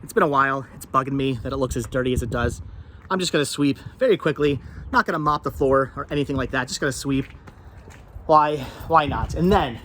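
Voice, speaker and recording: A man's voice: medium pitch, a little fast, sharp tone, a little hiss or hum. A man vlogging outdoors beside his van, rambling and repeating himself as he works, phlegmy with a cough. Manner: rambling, repeats words, self-talk while working. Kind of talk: casual vlog chat. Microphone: camera set down nearby.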